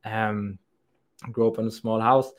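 A man's voice: fairly low pitch, steady tone, measured pace. A young man with a thick German accent, a podcast guest chatting casually, often stammering and restarting his sentences. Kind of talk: casual chat.

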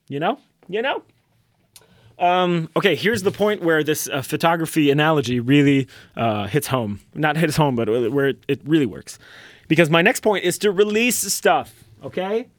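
A young man hosting a solo podcast, talking bluntly and profanely in a loose, animated rant. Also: on the high side, no room sound, studio quality. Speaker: podcast host. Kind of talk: casual solo podcast monologue.

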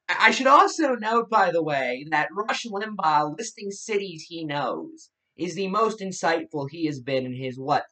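A woman's voice: low-pitched, a bit bright. A woman giving casual political commentary in a blunt, sarcastic way.

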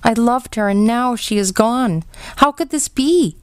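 A woman voicing the quiet inner thoughts of a grieving toy rabbit, soft and wondering in a slightly raised pitch. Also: lively intonation, measured pace, clean tone, no room sound.

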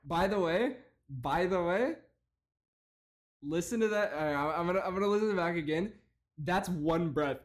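A young man doing casual reaction commentary, profane and mocking with rapid-fire rants. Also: high-pitched.

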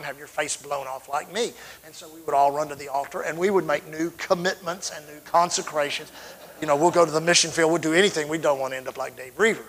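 A middle-aged man delivers a sermon, telling stories from the pulpit with fervor. His voice sits somewhat high for a man. He swings from loud, surging lines to quiet asides. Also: low-quality recording. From Texas. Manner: fervent storytelling with sudden loud swells and drops. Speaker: preacher.

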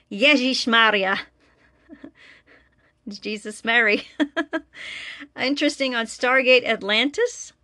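A woman's voice: fairly high pitch, pushed and bright, dry recording, clean studio sound. A woman hosting her own podcast alone in a room, chatting casually and laughing at herself. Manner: chatty, self-deprecating, laughs often. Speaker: podcast host and story reader. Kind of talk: casual solo podcast chat.

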